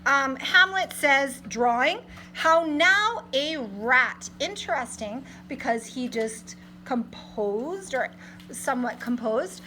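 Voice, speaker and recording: A woman's voice: high voice, bright, forceful tone, a little hiss or hum, low-quality recording. A woman English teacher giving a literature lesson, reading lines aloud and explaining them in plain modern paraphrase.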